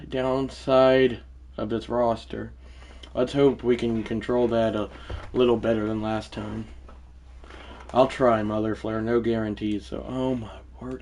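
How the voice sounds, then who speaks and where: A man's voice: mid-range voice, moderate pace, darkish tone. A man live-streaming a video game, commenting on the play and talking to his chat in a rambling, easily irritated way. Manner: talks to chat, easily frustrated, rambling asides.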